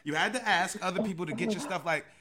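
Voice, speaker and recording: A man's voice: high voice, quick pace, a loud crowd. A man hosting a podcast, enthusiastic and affirming toward his guest. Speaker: podcast host. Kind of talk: casual interview chat.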